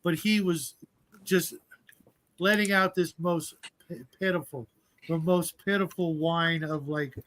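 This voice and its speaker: A man's voice: a little high, fairly even intonation, unhurried, pauses often, a bit bright. Amused rambling man hosting a chat. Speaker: host. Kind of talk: casual online chat.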